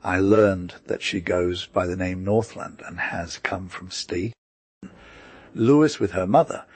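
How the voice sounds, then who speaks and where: A man's voice: sits low, slow, a little mellow, husky, dry recording, full character voice. A man voicing an earnest, composed young merchant in an audiobook, speaking intensely and measuredly. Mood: serious. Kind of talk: audiobook character reading.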